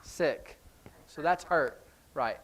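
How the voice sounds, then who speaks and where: A man's voice: a little high, lively intonation, takes it slowly, a bit bright, low-quality recording. Chatty man teaching a church class. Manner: chatty, rambling, jokey asides. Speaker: sign language teacher.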